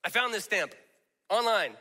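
Middle-aged man, sermon, high bright voice, joking conversational delivery, long hall reverb. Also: lively intonation, moderate pace. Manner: conversational and self-deprecating, acts out quoted voices.

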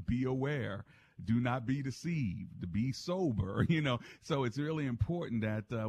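A man's voice: on the low side, darkish tone. A man hosting a Christian call-in radio show, encouraging callers and laughing easily. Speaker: radio ministry host.

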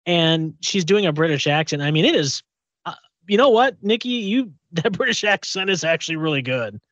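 A man's voice: on the high side, sing-song, normal speed, a bit bright, dry recording, lo-fi sound. A man co-hosting a podcast, talking loosely and conversationally about celebrity gossip. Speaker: podcast co-host. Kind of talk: casual gossip chat.

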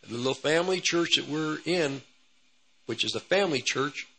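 A man's voice: fairly high pitch, moderate pace, gravelly, sharp tone, slightly rough, poor audio. A man hosting a radio ministry program, telling a personal testimony in a rambling, repetitive way. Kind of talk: testimony storytelling.

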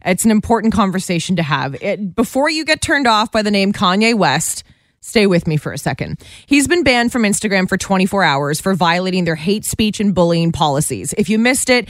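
A woman's voice: medium pitch, no room sound. Woman co-hosting morning radio, chatty and emphatic, dry studio sound. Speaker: radio morning show co-host. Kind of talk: casual radio chat.

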